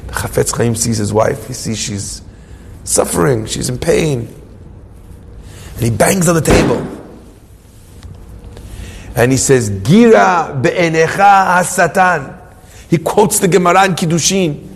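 A man telling a religious story in a sermon, moving between hushed and emphatic delivery, recorded in a reverberant hall. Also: mid-range voice, lively intonation, a little slow, gravelly, long pauses, a little hiss or hum.

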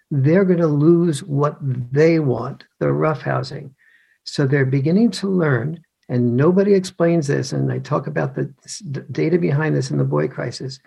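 An older man explains ideas in conversation, stopping and restarting often and acting out little scenes. His voice is heavily gravelly with a husky, breathy edge and sits a bit high for a man. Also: darkish tone. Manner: hesitant, full of restarts, acts out scenes. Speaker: author and guest.

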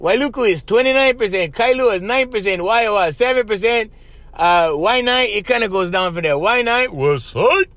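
A man from Hawaii hosts his own podcast in thick Hawaiian Pidgin, chatting loosely and joking, calling everyone "bro". His voice sits high and comes across bright and forceful. The recording is close and dry, with no room sound. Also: fairly quick, no room sound. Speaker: podcast host. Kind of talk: casual solo podcast chat.

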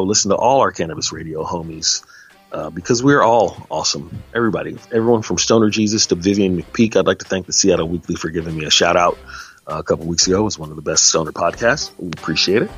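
A man's voice: low voice, quick pace, a bit bright, slightly rough, soft background music. A tired man hosting a podcast, rambling and joking loosely as he signs off, swearing now and then. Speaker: podcast host. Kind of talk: rambling casual sign-off.

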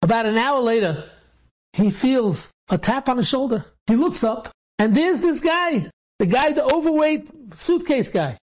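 A rabbi telling a story with animated delivery, acting out the dialogue in different voices and speaking in loose phrasing with restarts. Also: male voice, very high-pitched, unhurried. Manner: acts out the dialogue in different voices, sometimes shouting; loose spoken phrasing with restarts and repeated words.

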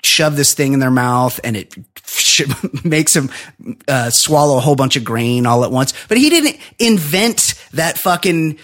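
A man's voice: on the high side, lively intonation, measured pace, fairly bright tone. A man hosting a podcast, chatting casually in long, rambling, profane rants. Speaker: podcast host.

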